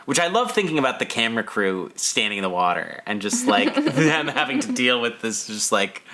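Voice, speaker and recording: A man co-hosting a podcast, chatting casually about a film in an animated way and drawing on his own acting experience. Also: medium pitch, moderate pace. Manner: animated, chatty, slips into playful put-on voices. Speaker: podcast co-host.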